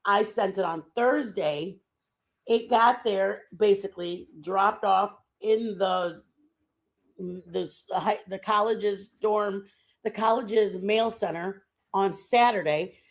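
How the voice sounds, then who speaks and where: A woman's voice: mid-range voice, takes it slowly. A middle-aged woman hosting a casual livestream, telling rambling home stories with lots of fillers. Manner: rambling, chatty storytelling with many fillers. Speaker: livestream host. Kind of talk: casual chat.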